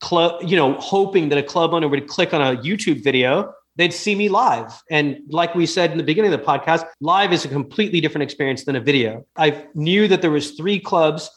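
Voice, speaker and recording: A fairly high-voiced young man talks as a guest on a podcast. He tells stories in a quick, animated way, full of restarts. His easy, joking chat carries a comedian's timing. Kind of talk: casual storytelling chat.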